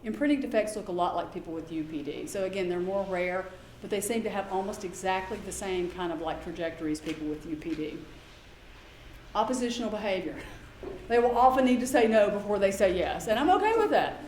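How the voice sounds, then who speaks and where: A middle-aged woman giving a lecture as a behavior specialist, lively and acting out quoted exchanges in voices. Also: mid-range voice, fairly quick, slight background noise. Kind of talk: conference lecture. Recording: echoey room, faint background ambience.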